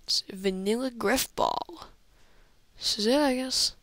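A woman's voice: fairly high pitch, slow pace, dry recording. A woman commentating her own video game play in a casual, rambling way, often exclaiming, into an old computer microphone. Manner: excitable, rambling, frequent exclamations and laughs.

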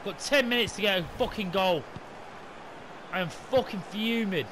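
A young man commentating his football game, swearing and shouting in frustration. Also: sits high, moderate pace, background noise. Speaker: gaming YouTuber. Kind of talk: raging gameplay commentary.

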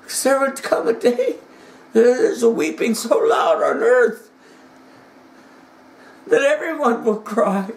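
A man preaching a dramatic sermon, retelling the story with passion and swinging from hushed tones to shouting. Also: very high-pitched, sing-song, takes it slowly, long pauses. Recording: echoey room.

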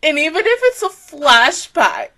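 A woman chatting through an anime reaction in a high, bright voice. She rambles and gets excitable and emotional as she talks. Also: a little slow. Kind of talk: casual reaction commentary.

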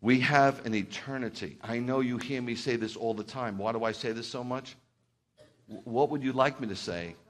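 A middle-aged male rabbi delivers a conversational sermon at normal speed and medium pitch. He drops into quiet asides, then rises into loud, excited outbursts.

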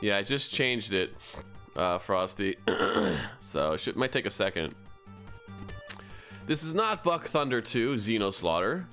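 A male streamer with a gravelly edge and a lively, swooping voice, making wry jokes over his game. Game music plays clearly behind him, with clicking now and then. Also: fairly low pitch, measured pace. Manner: wry, joking asides. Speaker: gaming streamer. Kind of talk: let's play commentary.

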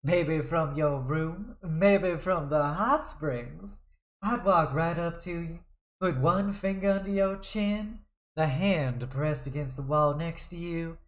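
A woman voicing a flirty, seductive woman with a southern twang, drawing her words out slowly and teasingly. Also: deep voice. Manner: slow teasing drawl. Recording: roomy echo.

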